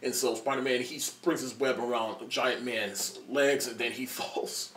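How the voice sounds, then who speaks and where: A man in his twenties giving a casual spoiler movie review, excited and rambling, with lots of restarts and laughter. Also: medium pitch, a little slow, slight background noise. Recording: roomy echo, distant from the mic.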